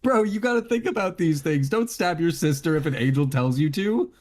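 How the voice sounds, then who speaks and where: A man's voice: a little high, expressive, a little fast, darkish tone. A man playing a tabletop game, chatting and joking casually. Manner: joking and laughing. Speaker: player.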